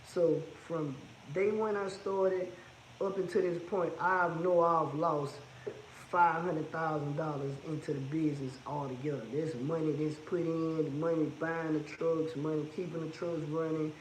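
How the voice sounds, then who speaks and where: A high-pitched man talks in a blunt, emphatic, repetitive way, like someone giving hard-earned advice from his own trucking business. His voice sits in a roomy space with a faint hum of ambience behind it. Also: steady tone, a little slow. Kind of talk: casual advice monologue.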